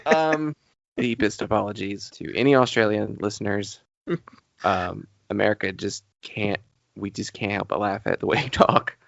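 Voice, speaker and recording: A man's voice: on the low side, flat delivery, moderate pace, vocal fry, fairly bright tone, no echo. A man co-hosting a podcast, chatting casually and joking, often trailing off mid-thought. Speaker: podcast co-host. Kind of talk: casual chat. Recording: dull, slightly lo-fi dry recording.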